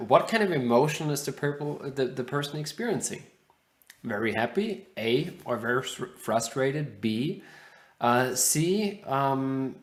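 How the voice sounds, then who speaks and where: A man giving a university lecture, hesitant and full of fillers, posing questions to the class. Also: mid-range voice. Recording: roomy echo.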